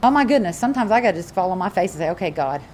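A woman preaching a sermon in an animated, emphatic way, often repeating her phrases. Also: mid-range voice, rapid-fire, a little hiss or hum.

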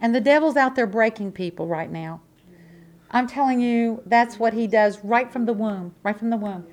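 High-voiced, emphatic woman preacher. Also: moderate pace. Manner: emphatic, repetitive preaching with swings from loud to soft; folksy, conversational asides to the congregation. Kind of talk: sermon.

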